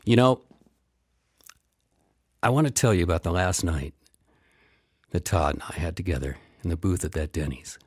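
A man with a low, husky voice tells a first-person story, wry and meandering, circling back on his own phrases. The sound is close and dry, with no room around it. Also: expressive, moderate pace, long pauses, no echo.

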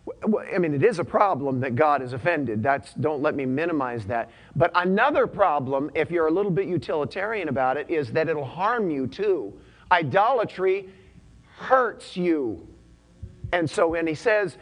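A man's voice: a little high, expressive, moderate pace. A pastor delivering a conversational sermon, often repeating his points and using casual slang.

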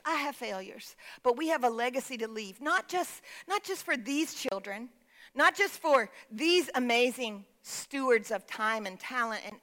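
A woman's voice: high-pitched, bright, forceful tone, in a large hall. A woman pastor preaching a sermon and calling out to the congregation for responses.

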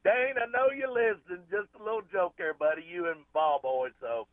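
A man's voice: high-pitched, big pitch swings, fairly quick, dry recording. Man calling in by phone. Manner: rambling, folksy, restarts often. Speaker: caller. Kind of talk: casual call-in chat. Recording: tinny phone line.

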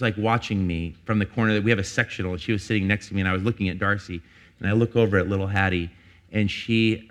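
Preaching earnestly, a middle-aged pastor speaks in a confessional way, swinging between emphatic climaxes and low, intimate moments.

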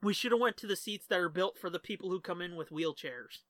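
A man's voice: high voice, fast talker, a bit bright. A man co-hosting a podcast, telling stories in a laid-back, profane way. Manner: laid-back, swearing, storytelling. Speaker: podcast co-host. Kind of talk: casual profane chat.

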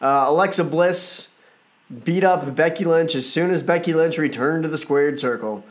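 A man hosting a casual wrestling reaction podcast, a little hoarse and froggy, chatting loosely with playful asides. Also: on the high side, normal speed. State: slightly hoarse, froggy throat. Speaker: podcast host.

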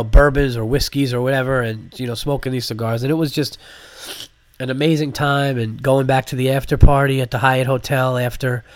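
A man's voice: mid-range voice, no room sound. A congested male comedian holds forth on his own podcast, his mid-range voice sounding stuffy from a cold. His talk is loose and profane, with plenty of fillers. The sound is dry and close, with no room around it. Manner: animated, profane, rambling with fillers. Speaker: podcast host, stand-up comedian. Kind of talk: casual solo podcast monologue.

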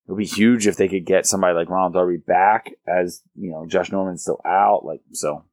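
Young male co-host, low voice, dry close recording, animated sports banter. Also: fairly quick, no room sound. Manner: animated, rises in pitch when excited. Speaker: podcast co-host. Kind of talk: casual sports chat.

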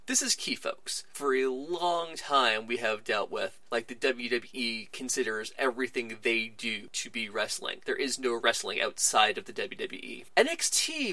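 A man hosting a wrestling podcast, recapping a show in a casual, animated way and acting out the wrestlers' lines as he goes. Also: mid-range voice, no room sound.

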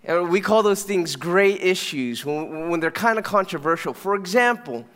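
A man preaching as pastor, telling stories in a casual, animated way. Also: high-pitched, moderate pace. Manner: conversational storytelling, animated. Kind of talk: sermon. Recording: long hall reverb.

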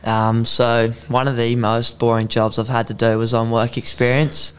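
A man's voice: medium pitch, little pitch movement, moderate pace, smooth. A teenage man co-hosting a student podcast, reading prepared links evenly.

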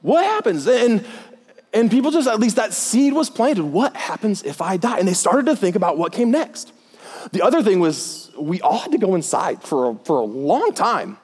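A pastor preaching a sermon in a church, telling jokes and stories in a playful, animated way. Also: male voice, high-pitched, moderate pace, husky. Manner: joking, animated storytelling with put-on voices. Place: church auditorium. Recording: long hall reverb.

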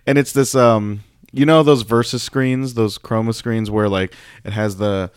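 A man's voice: on the low side, steady tone, measured pace, clean tone, no room sound, studio quality. A man co-hosting a podcast, chatting casually and rambling with fillers and laughs. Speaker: podcast co-host. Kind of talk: casual wrestling recap chat.

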